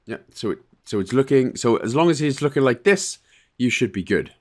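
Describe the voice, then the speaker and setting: A relaxed man in the middle of a casual game walkthrough, talking through each step at an easy pace. His pitch rises and falls a lot as he explains, and he often pauses with fillers or corrects himself mid-sentence. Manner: relaxed, chatty, with frequent fillers and self-corrections. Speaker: game guide creator.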